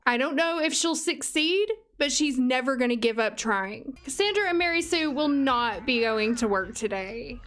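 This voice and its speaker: High-voiced woman doing game commentary. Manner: chatty and expressive. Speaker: let's play host. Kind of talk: gameplay commentary.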